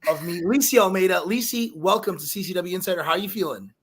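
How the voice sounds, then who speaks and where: A man from Chicago hosts a live show in a loose, joking chat. He rambles and fills his talk with fillers. His voice sits a bit high for a man. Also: fast talker, breathy edge. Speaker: host.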